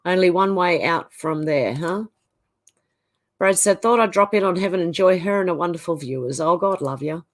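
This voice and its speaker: An Australian-accented woman hosting a livestream reads viewer comments aloud and answers them casually and chattily. Her voice is fairly low, and she speaks at a normal speed.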